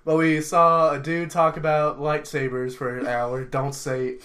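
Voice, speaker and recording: A man's voice: a little high, fairly even intonation, moderate pace, sharp tone. A young man co-hosting a casual podcast chat, rambling, laughing often and trailing off mid-sentence. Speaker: podcast co-host.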